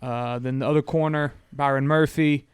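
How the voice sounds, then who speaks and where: Male podcast co-host, casual and musing, working through a roster; crisp, dry. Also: mid-range voice, steady tone, moderate pace, dry recording. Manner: reads through a team roster, musing aloud with many "uh"s. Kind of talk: casual sports chat.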